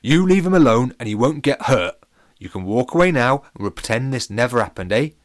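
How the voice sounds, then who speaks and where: A man's voice: lowish voice, normal speed, a bit bright, no room sound, studio quality, close to an everyday voice. A man voicing a tiny, brave pirate who stands up to bullies, bold and defiant. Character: tiny brave male pirate, two inches tall.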